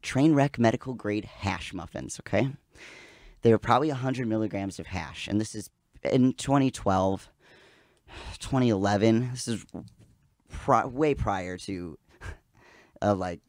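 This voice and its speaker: A man in his thirties, a podcast guest, telling a rambling, animated story in casual chat and swearing freely. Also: on the low side, no room sound, clean studio sound.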